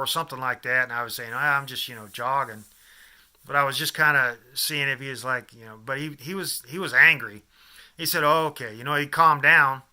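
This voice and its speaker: A man's voice: medium pitch, sharp tone. A man in his fifties from the American Midwest, telling a rambling personal story to camera with many restarts and asides. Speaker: vlogger.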